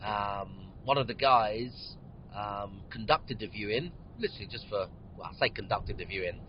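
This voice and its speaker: A man with a low voice hosts his podcast from inside a car. He tells a story loosely, full of ums and interrupted by yawns. The sound is dull and lo-fi, with a faint hum of road noise behind him. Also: moderate pace. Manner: rambling, many ums, yawning between phrases. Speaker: podcast host. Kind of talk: casual storytelling monologue. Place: inside a parked or moving car.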